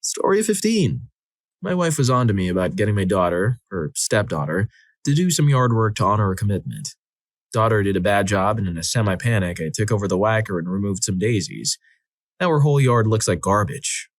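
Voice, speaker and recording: A man narrating a string of reader-submitted stories in a steady read-aloud manner. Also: on the low side, fairly quick, no echo, clean studio sound. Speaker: story narrator.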